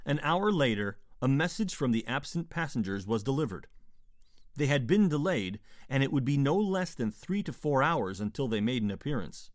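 A man narrating a historical adventure novel in a measured storytelling voice, lightly voicing the characters' dialogue. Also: medium pitch, big pitch swings, dry recording, studio quality. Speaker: audiobook narrator. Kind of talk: scripted narration.

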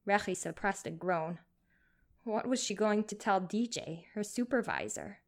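Woman narrating a story at medium pitch. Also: a little slow.

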